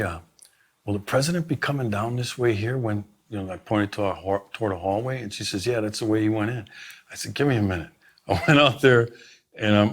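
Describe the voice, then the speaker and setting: A middle-aged man with a lowish voice spins a long anecdote in a conversation. He is emphatic and keeps restarting his sentences while he finds the words. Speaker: sheriff, guest. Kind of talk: storytelling in a conversation.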